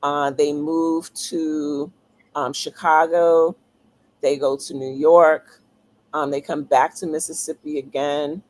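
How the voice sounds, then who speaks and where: A woman author being interviewed, talking thoughtfully with frequent pauses, ums and restarts. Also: low voice, little pitch movement, darkish tone, low-quality recording. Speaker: author guest. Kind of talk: casual interview talk.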